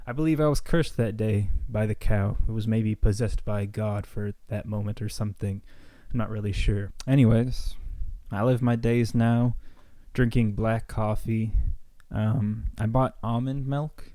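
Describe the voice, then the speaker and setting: A young man telling a comic story in a deadpan, mock-serious rambling way, like a vlogger's monologue. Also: fairly low pitch, a little slow, no room sound. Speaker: comedy vlogger.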